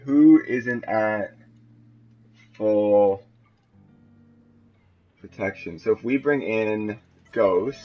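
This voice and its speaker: A man giving chatty, excitable live commentary on his own game stream. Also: on the low side, drawn-out words, long pauses. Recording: muffled mic with faint music.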